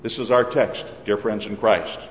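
Minnesotan pastor preaching in an echoey hall. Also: male voice, on the low side, steady tone, moderate pace. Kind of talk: sermon. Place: church. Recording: reverberant church hall.

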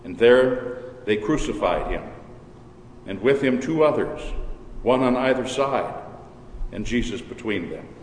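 A man reads scripture aloud, steady and measured, at a middling pitch. His voice carries a long, roomy reverb from the hall. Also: slight background noise. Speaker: scripture reader. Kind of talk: scripture reading.

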